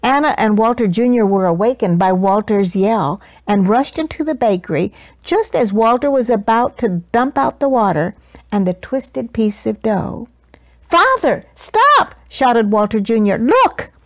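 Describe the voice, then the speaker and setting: Reading a children's picture book aloud, a woman brings the story to life with expressive narration. Her pitch is fairly high, she speaks at a normal speed, and there is no echo.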